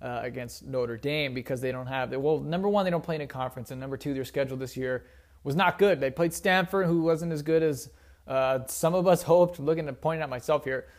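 A man's voice: medium pitch, brisk. A young man giving casual, opinionated solo sports talk as a commentator, rambling with frequent fillers.

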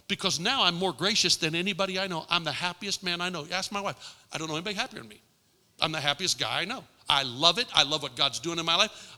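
An older man preaching a sermon as pastor, impassioned, repeating lines with emphasis and dropping at times to a hushed voice. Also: sits high. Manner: impassioned, with emphatic repetition and sudden drops to a hushed voice. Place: church sanctuary. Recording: long reverb in a large hall.

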